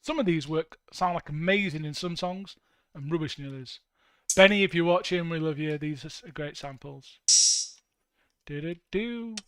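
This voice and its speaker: A man's voice: on the high side, moderate pace, clear, resonant tone, dry recording. A young man in a home music studio, chatting casually to his stream while building a track, rambling with jokey asides. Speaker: band member streaming music production. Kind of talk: casual livestream chat while producing.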